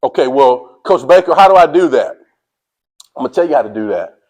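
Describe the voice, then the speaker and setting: Energetic man preaching grit to a team. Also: medium pitch, brisk, rough recording. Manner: energetic, preachy, calls out to listeners; casual slang, drawls "y'all". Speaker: motivational speaker. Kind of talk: motivational speech to a team.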